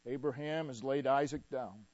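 A man preaching a sermon emphatically, swinging between loud declarations and hushed repeated refrains. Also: mid-range voice, moderate pace, muffled recording.

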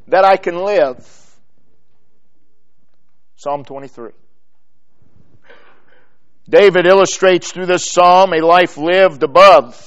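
Male preacher, high-pitched and unhurried; stacks phrases for emphasis, drops low at the ends. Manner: slow, emphatic preaching that builds in lists and trails off softly. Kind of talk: sermon.

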